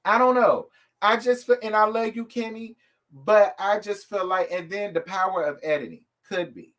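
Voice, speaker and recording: Sassy, animated man with a higher voice. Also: moderate pace. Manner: sassy, animated and gossipy, addresses viewers as y'all and girl. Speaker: host of a reality TV live review show. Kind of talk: casual live commentary. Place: at home.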